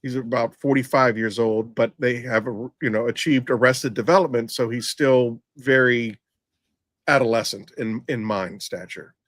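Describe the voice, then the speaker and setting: A man's voice: mid-range voice, normal speed, fairly bright tone, no room sound. Middle-aged guy rambling thru an old ems story, dry close mic, lots of restarts. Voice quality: rambling, frequent restarts and fillers. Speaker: podcast host, former EMT. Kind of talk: casual storytelling.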